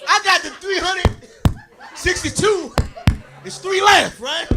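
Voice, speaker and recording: A man doing a stand-up comedy set for a live audience, shouting his punchlines, laughing at his own jokes and calling out to the crowd. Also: extremely high pitch, slow, background noise. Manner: talks straight to the crowd, calls out to them.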